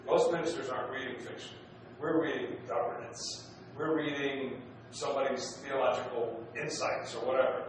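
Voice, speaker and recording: Man, minister, casual humorous sermon storytelling, heavy hall echo, steady background hiss. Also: medium pitch, moderate pace, few pauses. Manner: conversational, humorous storytelling with frequent restarts. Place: church sanctuary. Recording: very echoey hall, distant, noisy.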